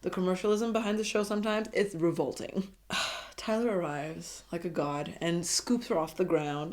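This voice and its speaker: A woman with a slightly low voice talks through a reality-show recap in a casual way. She gushes and turns dramatic, speaking straight to her viewers. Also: moderate pace.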